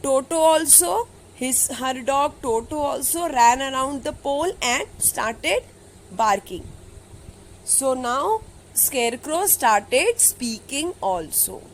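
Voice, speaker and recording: A woman's voice: sits high, animated, slow, slight background noise, rough recording. A woman teacher, reading a story aloud to children and explaining it line by line with frequent "okay" and "now". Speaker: English teacher.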